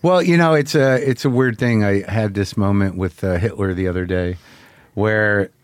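A man's voice: lowish voice, moderate pace, smooth, dry recording. A man hosting a casual interview, rambling with lots of restarts and swearing. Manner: rambling, frequent restarts, profane. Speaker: podcast host.

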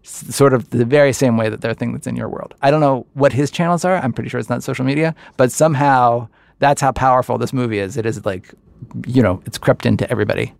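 Creaky-voiced man telling anecdotes. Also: mid-range voice, darkish tone, no room sound. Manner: anecdotal, drawn-out stresses. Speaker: podcast guest. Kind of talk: casual chat.

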